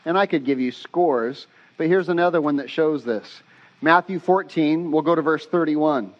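Animated male pastor preaching. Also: fairly high pitch, normal speed, highs cut off. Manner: animated storytelling, casual slang. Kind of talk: sermon.

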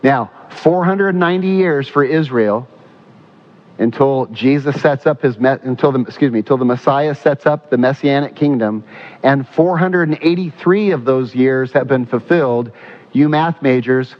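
Lo-fi recording of a preaching pastor. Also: male voice, mid-range voice. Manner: asks the congregation questions and answers them himself; slows down to stress key points. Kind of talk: sermon. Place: church.

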